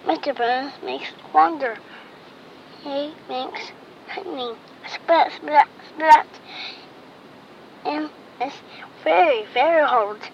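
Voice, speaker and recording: A woman reading a picture book aloud to a child, playfully imitating animal and object sounds and asking the listener to join in. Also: high voice. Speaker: reader to a child. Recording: dull lo-fi with faint noise.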